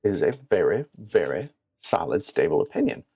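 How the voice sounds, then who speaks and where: A man giving casual gameplay commentary that turns into blunt, profane, animated stories, recorded on a clip-on mic at home. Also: low voice, moderate pace, creaky, slightly rough, dry recording. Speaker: gaming streamer. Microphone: wireless clip-on mic.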